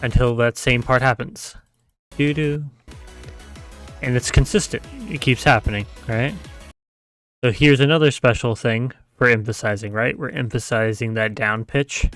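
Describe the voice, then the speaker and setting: A man's voice: medium pitch, fairly even intonation, normal speed, a bit bright, no room sound, soft background music. A man giving a casual screen-share tutorial, explaining step by step, often checking with "right?" and humming the sounds he describes. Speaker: mapping tutor.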